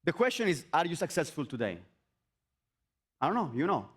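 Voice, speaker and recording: A man giving an energetic motivational talk on an event stage. He repeats his phrases and asks the audience rhetorical questions. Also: on the high side, brisk. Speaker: motivational speaker.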